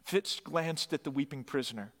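A man's voice: medium pitch, moderate pace, a bit bright. A man preaching, telling a story dramatically with emphatic rising bursts. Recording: long hall reverb.

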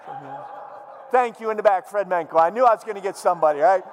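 A man's voice: sits high, lively intonation, quick pace, long reverb tail. A male pastor preaching a sermon, joking with the congregation and telling the story theatrically. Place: church hall, live-streamed.

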